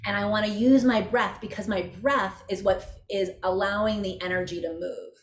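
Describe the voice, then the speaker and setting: Calm woman guiding an energy exercise. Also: mid-range voice, normal speed, a little hiss or hum. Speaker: energy-work instructor. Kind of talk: guiding a breathing and movement exercise.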